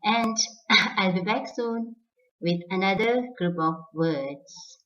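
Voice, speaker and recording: A woman's voice: mid-range voice, a bit bright. A middle-aged woman teacher, a native Tibetan speaker, giving a careful pronunciation lesson and repeating each word for practice. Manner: slow, careful, repeats words for drill. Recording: distant, dull lo-fi sound.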